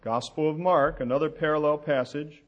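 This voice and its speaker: A man teaching a sermon from the Bible, slow and deliberate, asking the audience questions as he reads out passages. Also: on the high side, fairly even intonation, muffled recording. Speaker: preacher.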